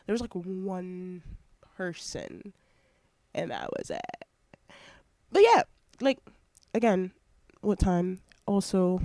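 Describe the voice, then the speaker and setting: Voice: medium pitch, dark tone, no echo. A young adult college student vlogging from home on a headset mic, rambling casually with lots of fillers and a stuffy, sniffly nose. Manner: rambling, heavy on fillers, self-interrupting. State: congested and sniffling. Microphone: headset microphone.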